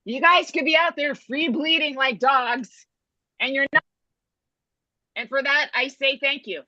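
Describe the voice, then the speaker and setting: A woman's voice: high voice, measured pace, bright, forceful tone, no echo, highs cut off. A middle-aged woman doing a brash, punchy stand-up comedy bit on a video call. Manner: brash, punchy joke delivery.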